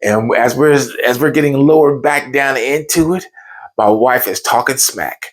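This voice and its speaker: A man's voice: mid-range voice, a little slow. A man telling a funny personal story, acting out the voices in it. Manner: animated, acts out the voices in his stories.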